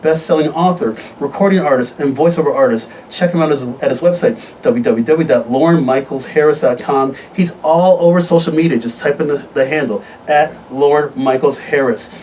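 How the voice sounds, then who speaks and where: Animated male doctor hosting a radio show. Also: fairly quick, few pauses, distant mic, a little hiss or hum, low-quality recording. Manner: upbeat, animated storytelling with wide pitch swings. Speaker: host, physician. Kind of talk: live radio health talk show. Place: radio studio.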